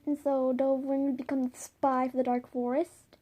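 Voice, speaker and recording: A woman's voice: high-pitched, flat delivery, normal speed, highs cut off. A woman casually making up a fan story at home, rambling with many filler words. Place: home, by a window.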